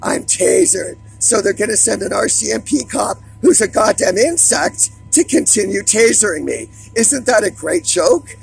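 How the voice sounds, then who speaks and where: A man vlogging an agitated, profanity-laden monologue to camera in a raspy voice. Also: sits high, sing-song, moderate pace, few pauses, faint music behind, low-quality recording.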